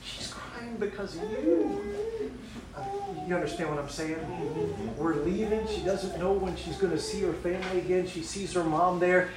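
A middle-aged man, a missionary preacher, delivering a sermon in emphatic rhythmic lists that swing from loud to hushed. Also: high voice, fairly even intonation, moderate pace, roomy sound.

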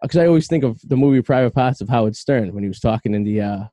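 A Boston man hosts a podcast in quick, rambling, jokey bursts. His voice sits on the mellow, darker side, and the sound is dry and close. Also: mid-range voice, no room sound. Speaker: podcast host. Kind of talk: casual podcast chat.

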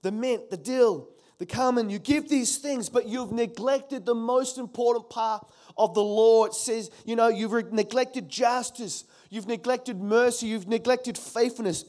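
A man's voice: very high-pitched, unhurried, few pauses, a little mellow. A man in his forties preaching a sermon as pastor, emphatic, repeating key phrases and calling on the congregation to respond.

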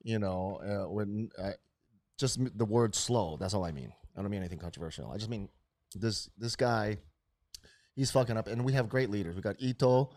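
A man's voice: on the low side, moderate pace, no echo. Brash swearing man. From Hawaii. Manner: brash, swearing, animated bursts. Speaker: host. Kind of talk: casual profane chat.

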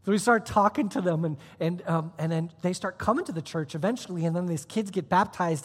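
A man pastor preaching a sermon, telling a personal story with sudden swings between hushed, almost whispered lines and loud, emphatic ones. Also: sits high, a little fast, few pauses, slightly rough, long reverb tail. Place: church auditorium.

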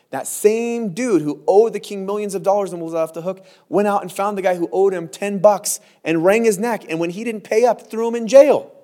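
A man, a pastor, teaching a verse-by-verse sermon in a conversational, animated way, slipping into quoted voices and asides. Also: on the high side.

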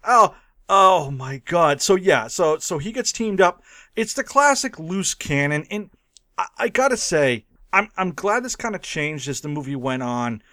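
A man co-hosting a podcast and discussing a movie in an animated, jokey way. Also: sits high, a little slow, no echo, clean studio sound. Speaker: podcast co-host.

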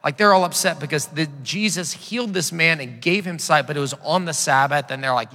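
A man preaching a sermon with a bright, forceful tone and a slightly higher pitch. He tells the story conversationally and often restarts his sentences. His voice carries a long reverb from a large hall. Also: fairly quick. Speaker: pastor.

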